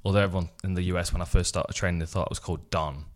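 A middle-aged man with a lowish voice chats on a podcast about his work as a fight commentator. He talks in a relaxed, easygoing way and laughs readily. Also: very fast. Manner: relaxed, chatty, laughs easily. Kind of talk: casual podcast chat.

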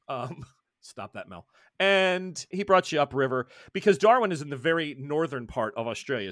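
A man's voice: medium pitch, a bit bright, no room sound, studio quality. A man from the northeastern United States running a tabletop horror game as game master, rambling and playful, with many fillers and restarts.

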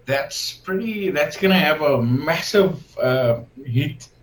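A man from South Africa, a comic creator, answering interview questions slowly and hesitantly over a remote call. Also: fairly high pitch, animated, roomy sound, low-quality recording. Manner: slow, hesitant, with fillers.

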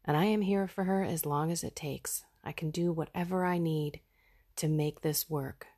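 A woman's voice: sits low, fairly even intonation, moderate pace, warm tone, slightly rough. A woman hosting a podcast, sharing a raw personal reflection in an earnest, heartfelt way. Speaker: podcast host.

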